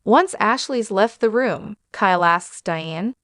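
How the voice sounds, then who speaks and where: A woman narrating a soap opera recap in an even, measured reading. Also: mid-range voice, dry recording, clean studio sound.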